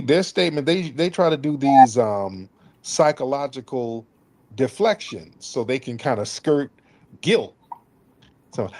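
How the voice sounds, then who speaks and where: Male host, high animated voice, emphatic and scolding commentary. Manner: emphatic, scolding, repeats himself; mimics others in mocking voices. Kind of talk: opinionated commentary on a call-in news show.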